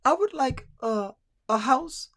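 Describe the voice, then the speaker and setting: A man putting on a young woman's voice, speaking haltingly with many hesitations. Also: very high-pitched, lively intonation, fairly bright tone, voice pushed up, heavily acted. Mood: demanding. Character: young woman asking for a dowry.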